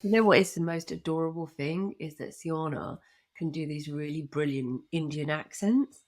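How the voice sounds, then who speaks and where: A woman's voice: low voice, moderate pace, darkish tone. A woman co-hosting a podcast in casual chat, bubbly and gushing, laughing often. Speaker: podcast co-host.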